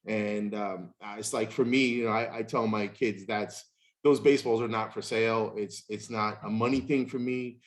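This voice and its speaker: A man in his fifties, a podcast host, telling stories in casual chat and acting out the voices of people he quotes. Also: moderate pace. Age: 50s. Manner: animated, acts out quoted voices with big pitch jumps.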